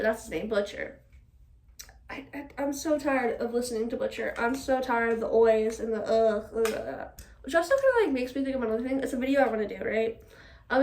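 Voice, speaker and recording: A young woman vlogging casually at home while doing her hair, talking in an animated, exasperated way, swearing often and laughing. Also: sits high, distant mic. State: still a bit sick.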